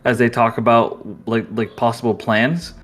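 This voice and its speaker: A man's voice: mid-range voice, little pitch movement, normal speed, fairly bright tone, soft background music. A young man narrating as game master of a tabletop role-playing game, chatty and laughing, with many restarts.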